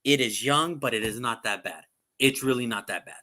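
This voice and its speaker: Lively guy co-hosting a sports show, jokey and loose, bright punchy voice. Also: medium pitch, brisk. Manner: animated, mock voices for effect, swears. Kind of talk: casual sports chat.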